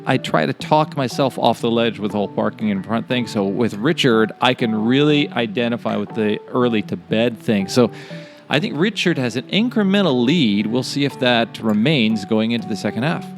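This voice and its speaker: A man's voice: mid-range voice, expressive, normal speed, faint music behind. Chatty male podcast host. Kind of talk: casual podcast chat.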